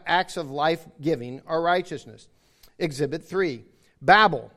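A man's voice: on the high side, a bit bright. A man preaching a sermon emphatically, repeating phrases to drive his points home and calling out to the congregation.

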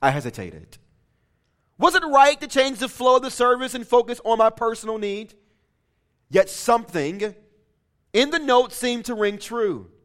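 A man's voice: very high-pitched, very animated, a little slow, long pauses, fairly bright tone. A man preaching a sermon, reading a story aloud with impassioned, emphatic delivery. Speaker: pastor.

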